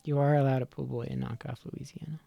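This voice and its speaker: Gravelly-voiced man running a game. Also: mid-range voice, fairly even intonation, fast, warm tone, no echo, muffled recording. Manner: self-deprecating, laughs often. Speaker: game master. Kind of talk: casual post-session chat.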